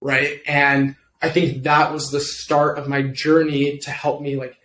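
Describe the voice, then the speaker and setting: A man's voice: fairly high pitch, flat delivery, unhurried, fairly bright tone. Young man telling a story, echoey room. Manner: laid-back, slangy, lots of fillers. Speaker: interview guest, former football kicker. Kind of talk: casual storytelling in an interview. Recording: roomy with faint background noise.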